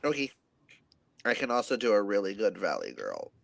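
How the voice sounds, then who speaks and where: A man's voice: fairly low pitch, moderate pace, gravelly. A man chatting casually and dramatically about books with friends over a video call. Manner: animated, jokey and dramatic. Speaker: book vlogger. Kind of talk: casual chat.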